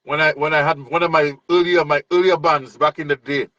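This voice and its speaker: A male host with a somewhat high voice chats in an easy, encouraging way, often restarting his sentences. The sound is dull and lo-fi, dry and close, like audio from a remote call. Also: brisk, no room sound. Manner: relaxed, encouraging, hesitant restarts. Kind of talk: casual interview chat. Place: overseas, remote.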